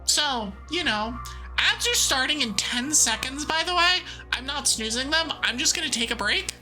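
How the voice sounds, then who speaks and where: A woman's voice: high-pitched, animated, normal speed, pushed and bright, faint music behind. A woman streamer giving casual, playful commentary while playing a game. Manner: chatty, playful, laughs easily.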